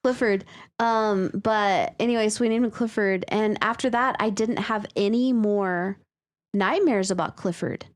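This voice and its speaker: A woman's voice: medium pitch, a little slow. A woman co-hosting a podcast, chatting casually and telling stories with lots of fillers and laughs. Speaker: podcast co-host. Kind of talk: casual chat about a listener's story.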